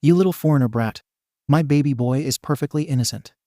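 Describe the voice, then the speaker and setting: A man's voice: mid-range voice, brisk, warm tone, no room sound, close to an everyday voice. Brief: arrogant wealthy storybook woman, read by a man, contemptuous, close and dry. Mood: ranting. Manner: ranting, contemptuous. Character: shrill spoiled rich woman, arrogant.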